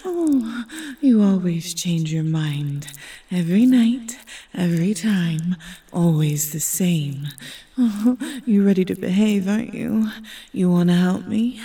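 Woman, whispered role-play, fairly high and husky, soft breathy pleading delivery. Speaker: audio role-play performer.

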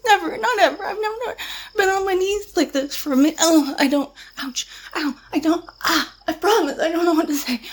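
A woman playing a terrified, tearful pleading woman. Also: extremely high pitch.

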